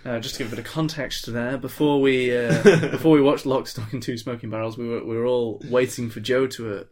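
A man hosts a relaxed film chat among friends. His pitch is mid-range, and he talks easily and with humour. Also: a little fast. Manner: jokey, leads the ratings and segments. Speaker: podcast host. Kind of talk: casual chat.

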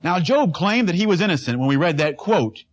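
Pastor, male, high voice; emphatic sermon delivery with a repeated refrain and questions put to the congregation. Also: lively intonation, brisk, muffled recording.

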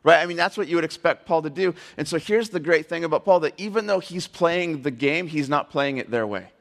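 A man giving a sermon, talking conversationally and slowing down to read scripture aloud. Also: on the high side, gravelly. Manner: earnest, conversational preaching with slow scripture readings. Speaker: pastor. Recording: long reverb of a hall.

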